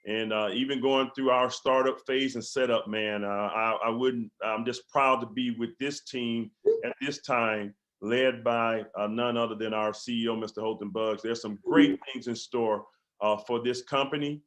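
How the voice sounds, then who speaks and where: A man gives a rousing motivational speech to his team over a video call, his voice at an ordinary middle pitch. He hammers his points through repetition. His sentences often stall and restart. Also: steady tone, moderate pace, a bit bright. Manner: fervent, repetitive exhortation with stumbling restarts. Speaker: company field leader.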